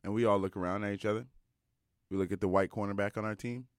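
A young adult man telling a personal story in a casual monologue, animated and emphatic, with many fillers. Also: lowish voice, fast talker, dry recording, clean studio sound.

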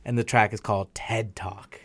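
A man hosting a casual music review chat, excitable and quick to laugh. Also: on the low side. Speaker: podcast host.

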